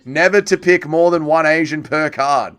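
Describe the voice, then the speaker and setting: A man hosts a livestream watch party, chatting casually and joking as he reads viewers' comments aloud and answers them. His voice is fairly high and fairly bright, with a clean tone and a moderate pace.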